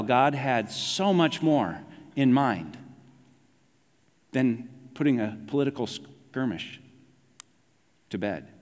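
A man preaching a sermon in a conversational, animated way, dropping his voice low to stress key points. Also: big-room sound. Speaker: pastor.

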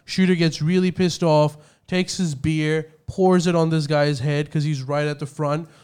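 A young Australian man co-hosting a podcast, his voice sitting a little high. He talks in loose, rambling bursts and slips into quick put-on voices for the people he describes. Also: clear, resonant tone. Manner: rambling, animated storytelling with put-on quotes. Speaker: podcast co-host. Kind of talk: casual podcast banter.

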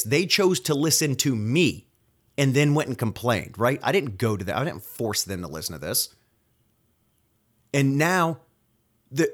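A man's voice: mid-range voice, a bit bright. Profane, fired-up male nurse podcaster. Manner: angry, profane, rapid-fire venting. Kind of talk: solo podcast rant.

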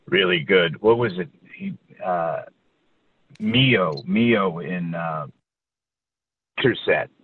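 Tinny-sounding man reminiscing, halting and rambling. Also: low voice. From New York. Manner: rambling, halting, full of restarts and warm recollection. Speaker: guest recalling a childhood acting career. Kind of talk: casual interview over a call. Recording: tinny phone-like line.

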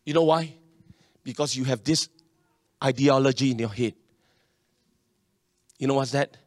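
A man preaching a sermon in a church, animated and calling on the congregation to respond. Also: mid-range voice, unhurried, dry recording, clean studio sound. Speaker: pastor.

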